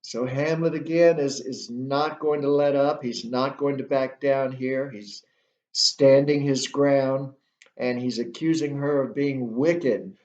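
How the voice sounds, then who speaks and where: A man teaching a literature lesson, explaining slowly and deliberately with frequent filler sounds, in a roomy, muffled recording. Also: mid-range voice, steady tone, darkish tone. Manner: slow, deliberate explaining with many uhs. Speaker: literature instructor.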